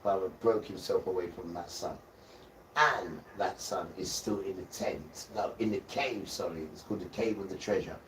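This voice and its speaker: A man's voice: low voice, normal speed, fairly bright tone, far from the mic. A man giving a rambling, preachy religious talk on a live stream and calling his viewers guys. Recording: roomy sound from away from the mic, faint noise.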